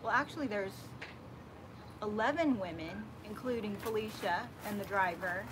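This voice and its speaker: A woman hosting a casual chat, telling a story in an animated way and acting out what people said. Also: medium pitch, moderate pace. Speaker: host. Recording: background noise from a nearby worker.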